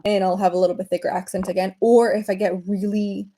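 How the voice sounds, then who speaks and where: A woman's voice: mid-range voice, level tone, fast talker, dark tone, low-quality recording. A woman from Venezuela, chatting casually on her livestream, rambling with many fillers and restarts. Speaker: livestream host.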